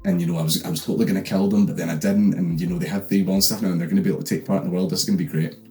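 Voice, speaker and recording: A man's voice: low-pitched, steady tone, rapid-fire, mellow, soft background music. A Scottish man voicing a carefree, boastful male craftsman god. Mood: smug. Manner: breezy and boastful.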